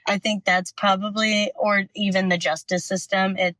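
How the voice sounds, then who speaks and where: A woman podcast host telling a story in a casual monologue from her car, talking fast and out of breath, with frequent swearing. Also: mid-range voice, flat delivery, a bit bright, no room sound, rough recording. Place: parked car.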